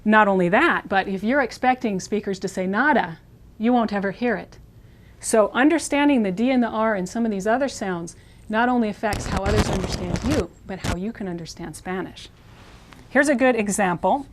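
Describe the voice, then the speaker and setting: A woman leads a pronunciation lesson with a calm, mid-range voice. She slows down to model each Spanish word and says it several times so learners can copy it. Her delivery is clear and methodical. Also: mid-range voice. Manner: slow, careful modeling of Spanish words, repeated for practice. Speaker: Spanish teacher. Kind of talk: instructional video lesson.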